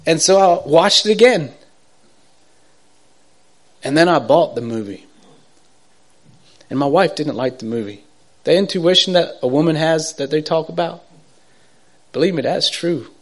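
Middle-aged guy telling his testimony, halting, repeats himself, voice a bit on the high side. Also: animated. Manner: halting, repetitive, swings from urgent to hushed. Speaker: testimony speaker. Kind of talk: emotional personal testimony.

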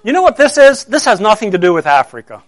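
A man's voice: high-pitched, big pitch swings, fast talker, fairly bright tone, no echo. A middle-aged man, a pastor telling a story to children and asking them questions as he goes. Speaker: pastor giving a children's sermon.

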